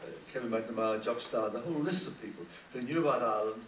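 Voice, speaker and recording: Older male panelist, halting reminiscence, echoey distant recording. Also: medium pitch, a bit bright. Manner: halting, repeats words often. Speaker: panel guest. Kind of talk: reflective panel talk. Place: conference hall. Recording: roomy hall, distant mic, faint hiss.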